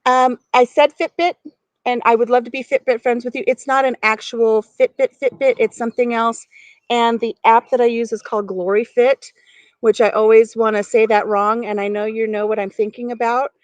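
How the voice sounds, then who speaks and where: A woman's voice: on the high side, fairly even intonation, normal speed, no room sound. A middle-aged woman chatting casually on a live stream from outdoors on her farm porch, giggling and talking to viewers by name.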